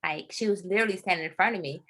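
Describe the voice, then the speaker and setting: A woman author being interviewed in a casual chat, a lively storyteller who laughs often. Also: on the low side, rapid-fire. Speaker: author guest.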